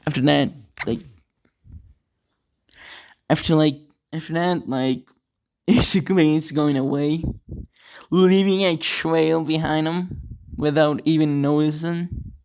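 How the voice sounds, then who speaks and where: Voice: mid-range voice, steady tone, slow pace, long pauses, darkish tone, clear, resonant tone. A speaker improvising a fan story in a rambling way, full of "like" fillers and giggles.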